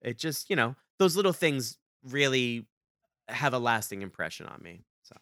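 A man co-hosting a podcast, telling a story in casual chat and acting out the quoted dialogue with big leaps in pitch. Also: sing-song, normal speed, sharp tone, dry recording, studio quality. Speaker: podcast co-host.

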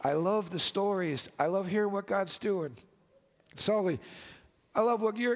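A man's voice: sits high, unhurried, big-room sound. A male pastor preaching a passionate, exclamatory sermon to his congregation in a church sanctuary.

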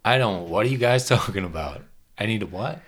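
A man's voice: fairly low pitch, animated, a little fast. A man co-hosting a podcast, exasperated and sweary in casual chat. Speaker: podcast co-host.

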